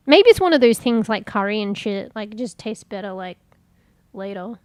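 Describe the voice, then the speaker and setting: A woman's voice: mid-range voice, lively intonation, moderate pace. A woman, chatting casually and rambling while streaming, swearing offhand and sounding congested.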